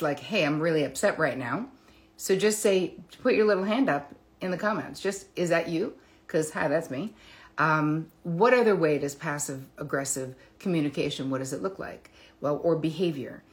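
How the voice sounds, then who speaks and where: A low-pitched woman therapist hosts a solo live stream, talking straight to her viewers. She is middle-aged, candid and chatty, and drops the odd swear word while poking fun at herself. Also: fairly bright tone. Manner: candid and chatty, swears casually, self-deprecating.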